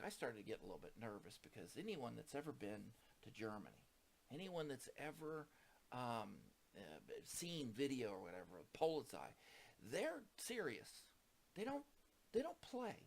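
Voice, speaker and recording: A man with a gravelly, creaky edge recounts a misadventure in casual storytelling. His pitch swings widely as he acts out the people in the story. He climbs high and loud at the tense moments. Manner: animated, acts out quoted voices, rising to excited peaks.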